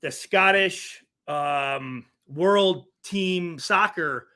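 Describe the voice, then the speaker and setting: Bright-voiced man chatting haltingly. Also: high voice, smooth. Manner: halting, repeats words and restarts often. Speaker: show host. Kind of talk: casual chat.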